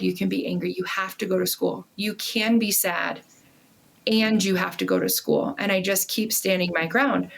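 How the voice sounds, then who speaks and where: A middle-aged woman speaking as a guest on a podcast, at an ordinary mid pitch for a woman. She tells a personal story in a casual, animated way, and swearing slips in now and then. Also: vocal fry.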